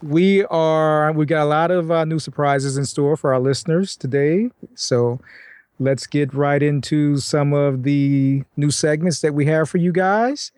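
A man's voice: a little high, unhurried, darkish tone, smooth, dry recording. A man hosting a podcast, introducing guests and segments in a friendly, casual way. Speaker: podcast host.

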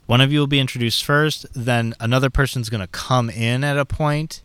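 A man's voice: mid-range voice, fairly even intonation, brisk, fairly bright tone, clear, resonant tone, no room sound. Giggly young guy on a podcast. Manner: giggly, teasing. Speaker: podcast co-host and dungeon master. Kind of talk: casual chat.

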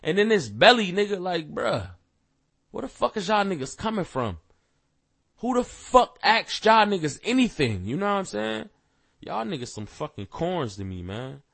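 A man's voice: high voice, very animated, normal speed, vocal fry, fairly bright tone, no room sound. Profane ranting man, dry room. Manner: profane, rambling, heated, many fillers. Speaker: podcast host. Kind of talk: casual rant.

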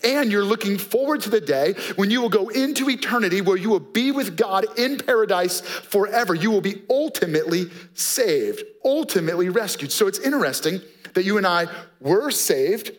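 Slow, emphatic male preacher. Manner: slow, emphatic preaching, drops to soft low tones on key words. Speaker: pastor. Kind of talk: sermon.

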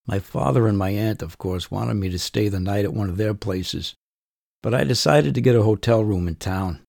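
A man in his fifties telling a personal story in the first person, earnest and emotional, with measured pauses. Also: fairly low pitch, creaky, a little mellow, no room sound, studio quality. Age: 50s.

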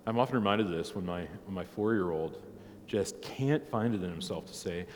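A man's voice: fairly low pitch, big pitch swings, brisk, a little mellow, in a large hall, slight background noise. A man in his thirties teaching a church catechism class in a casual, joking way, laughing often and peppering his talk with "like" and "right". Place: church hall.

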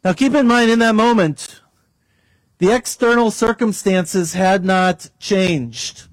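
A pastor delivers a sermon to his congregation, leading a prayer and telling a story, shifting his pitch for emphasis as he prays aloud. He takes it slowly, and the recording is dry.

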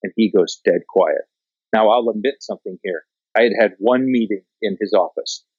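A man from Canada with a somewhat low voice tells stories in a relaxed, animated way, swearing and acting out quotes. The recording is dry and close, with a slightly muffled, dull tone. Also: normal speed, breathy edge, dry recording. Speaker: documentary filmmaker. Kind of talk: casual storytelling in conversation.

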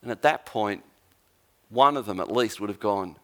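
A man's voice: lowish voice, moderate pace. A man preaching a sermon as a pastor, telling a Bible story with humour and acting out the lines of its characters. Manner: animated storyteller, acts out quotes.

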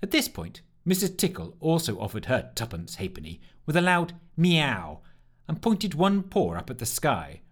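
A man reads a storybook aloud, with a lively, swinging pitch and an expressive, animated delivery. He narrates steadily, rising and falling through the sentences. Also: normal speed.

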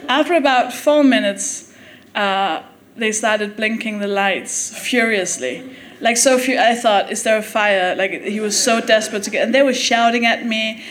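A Danish woman with a fairly high voice, a comedian guest on a live podcast, tells a comic story in a theatre. She laughs often, throws in quick asides and acts out quotes while the audience laughs.

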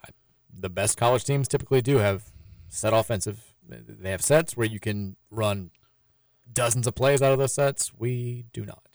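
A man's voice: mid-range voice, moderate pace, a little mellow, no echo. A man hosting a casual sports radio show, reading listener texts aloud and rambling through his takes.

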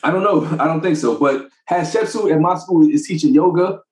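A man sits in an echoey room and chats casually as a podcast co-host. He tells his stories in an animated way, laughs a lot, and his voice sits a little higher than most men's. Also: a little fast. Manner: animated storyteller, laughs often. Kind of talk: casual chat.

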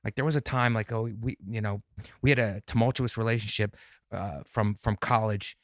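Low-voiced earnest man in his forties. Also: fairly even intonation, normal speed, no room sound, clean studio sound. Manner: earnest and reflective, repeats phrases. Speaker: podcast guest, comedian. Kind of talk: casual conversation.

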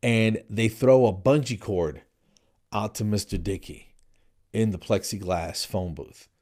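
A man hosting his own comedy podcast, telling rambling, animated stories in a casual way. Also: on the low side, measured pace. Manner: animated, rambling, jumps into playful voices for quoted people.

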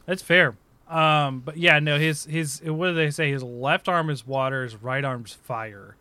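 A man with a bright, forward voice and a fairly high pitch talks loosely in a casual gaming chat, circling back and correcting himself and laughing often. The sound is dry and close, with no room around it. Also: measured pace, no echo. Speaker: podcast co-host.

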